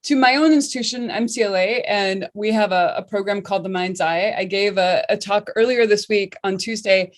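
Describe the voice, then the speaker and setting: A woman speaking as an artist opening her talk, chatty and warm, with many restarts. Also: medium pitch, fairly quick, hardly any pauses. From Western Massachusetts. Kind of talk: casual talk over video call.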